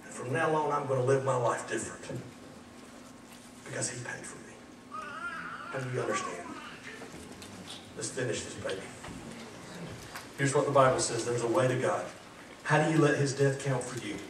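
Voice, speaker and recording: A male pastor preaching a sermon in an animated, emphatic, folksy storytelling manner. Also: mid-range voice. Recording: echoey hall, distant mic, faint noise.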